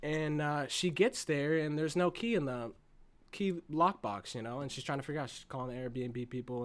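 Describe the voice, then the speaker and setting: A man giving a casual, excited movie review, profane and swinging between loud bursts and hushed asides. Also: a little high, a little fast.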